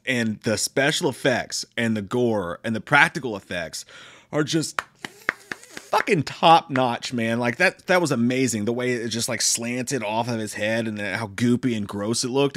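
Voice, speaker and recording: A man's voice: medium pitch, no echo, clean studio sound. A man giving a casual, profane and joking spoken movie review. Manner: profane, joking, animated retelling.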